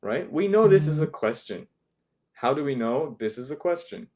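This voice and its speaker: A man teaching an online language class from home, slowly and patiently repeating each word for his learners. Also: medium pitch, animated, warm tone.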